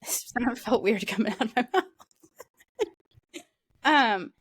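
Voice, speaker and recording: A woman's voice: fairly high pitch, expressive, takes it slowly, a bit bright, husky. Chatty young woman podcaster. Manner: chatty, laughs often, many fillers. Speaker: podcast co-host. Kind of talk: casual chat.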